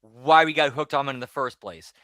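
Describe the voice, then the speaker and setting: A man co-hosting a podcast, telling personal stories in a loose, rambling way that often trails off quietly. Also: medium pitch, steady tone, brisk, dry recording, clean studio sound. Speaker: podcast co-host. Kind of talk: casual storytelling chat.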